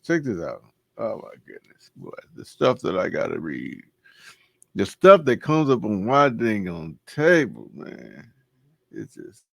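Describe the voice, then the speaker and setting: Slow-talking man host, slangy and laid-back. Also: on the low side, creaky, no echo, studio quality. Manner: laid-back slangy talk, laughing at what he reads. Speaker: channel host. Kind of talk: casual commentary to viewers.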